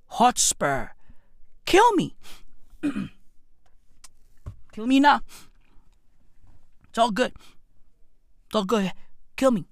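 A woman's voice: sits high, no room sound, studio quality. A woman giving a profane, theatrical rant of mock despair in a vlog. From South Africa. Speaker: online commentator. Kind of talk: ranting vlog commentary.

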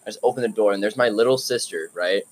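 A man's voice: lowish voice, fast, slight background noise, low-quality recording. A young man co-hosting a casual chat, telling a rambling story and tagging lines with "right?". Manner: rambling, says "right?" a lot. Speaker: co-host.

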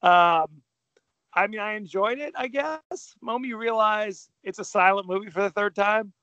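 A man with a high, bright voice co-hosts a podcast, chatting casually and poking fun at himself as he rambles through his thoughts. His voice is recorded close and dry. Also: normal speed, dry recording, lo-fi sound. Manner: joking, rambling, self-deprecating. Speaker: podcast co-host. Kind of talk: casual chat.

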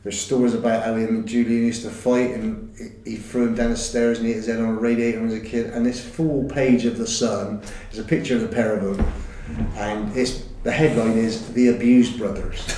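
A middle-aged man, chuckling his way through an animated anecdote about his football days. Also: lowish voice, brisk, slight background noise. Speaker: guest recounting football days. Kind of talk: anecdote-telling chat. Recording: echoey room.

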